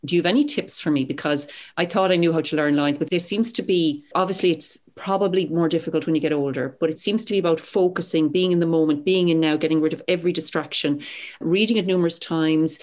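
A middle-aged Irish woman, an actor chatting casually as a podcast guest, quick, lively and chatty. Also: sits low. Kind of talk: casual chat.

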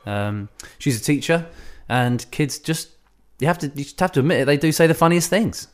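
A man's voice: a little high, normal speed. A man co-hosting a casual comedy podcast, telling stories, laughing often and acting out other people's lines. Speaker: podcast co-host.

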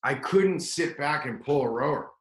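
A man's voice: a little high, animated, moderate pace, echoey room, low-quality recording. A man telling a long story in casual chat, rambling and profane, with lots of "like" and restarts. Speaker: podcast guest telling a story.

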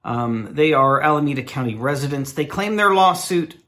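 A man's voice: a little high, animated, moderate pace, pushed and bright. A man co-hosting casual radio banter in a sardonic, mock-pompous way. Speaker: co-host.

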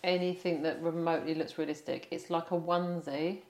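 A woman co-hosting a podcast, chatting in a lively, blunt way about a film she mocks. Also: sits low, a little hiss or hum. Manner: lively and blunt, quick to mock. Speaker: podcast co-host. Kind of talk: casual film review chat. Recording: roomy echo.

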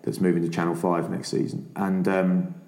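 A man with a deep, dark voice hosts a casual podcast chat. He tells anecdotes in a chatty, easygoing way. The recording sits in an echoey room. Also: completely flat delivery, normal speed. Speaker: podcast host.

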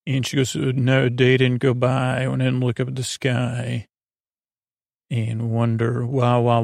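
Mumbling gravelly man, flat drowsy recap. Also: medium pitch, dry recording, clean studio sound. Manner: rambling, mumbled retelling with many fillers. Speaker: podcast host recapping an episode. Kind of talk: drowsy sleep-podcast recap.

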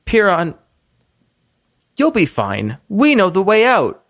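A man's voice: sits high, wildly swooping pitch, slow pace, a bit bright, pitched above the performer's own voice, exaggerated voice. A man voicing a mother figure who keeps calling her son home in a coaxing tone. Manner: repeats the name in a calling, coaxing way. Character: Piran's mother, an eerie beckoning illusion.

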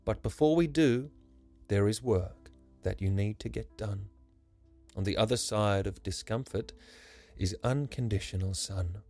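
A man voicing a young woman who is blunt and caring, speaking in a brisk, firm, scolding way in a rhyming story. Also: lowish voice, warm tone, soft background music.

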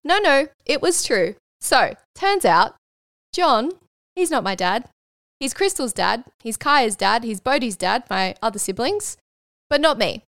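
Australian woman, 20s, podcast host; candid, lively storytelling with swearing; slightly high, smooth voice, dry close recording. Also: unhurried, dry recording. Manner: frank, animated, swears freely. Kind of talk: casual storytelling monologue.

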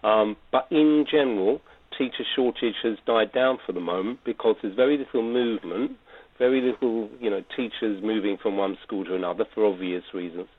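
A man's voice: lowish voice, brisk. A man who runs a trust of schools, talking earnestly as a guest on a radio phone interview. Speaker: chief executive of an academy trust, guest. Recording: tinny phone line.

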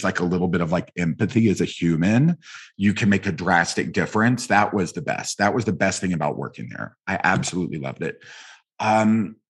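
A man being interviewed, telling stories in a lively way and acting out the people he quotes. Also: low voice, slightly rough. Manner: animated, acts out quoted voices in stories. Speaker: guest. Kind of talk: conversational interview storytelling.

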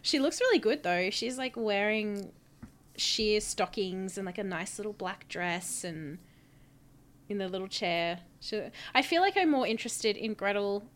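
A woman co-hosting a podcast in casual chat, animated and laughing often as she talks. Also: medium pitch, a little slow, a little hiss or hum. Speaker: podcast co-host.

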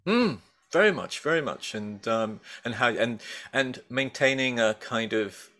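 Hesitant, bright-voiced middle-aged man. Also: medium pitch, animated, a little slow. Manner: rambling, hesitant, many restarts and fillers. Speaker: guest, baker and food writer. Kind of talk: casual conversational interview.

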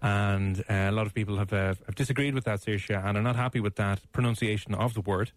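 A man's voice: lowish voice, steady tone, fast, no echo. A man with an Irish accent hosting a radio show, teasing his co-host in casual, playful banter. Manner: teasing, playful, mock-outraged.

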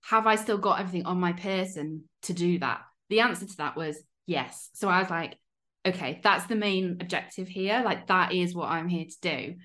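A woman, co-hosting a podcast and telling a story in a lively, casual way, acting out quoted lines. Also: lowish voice, moderate pace. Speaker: podcast co-host.

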